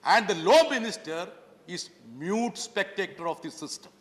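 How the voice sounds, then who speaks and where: A man's voice: sits high, animated, moderate pace. A man from Kerala, giving an emphatic floor speech as a member of parliament, full of pointed rhetorical questions. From Kerala, India. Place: large parliament chamber. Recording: reverberant legislative chamber.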